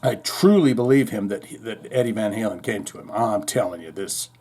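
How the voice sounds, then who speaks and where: A man's voice: lowish voice, fairly quick, warm tone, slightly rough. A man hosting a heavy metal news podcast, rambling through the stories with irreverent, profane asides. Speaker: podcast host.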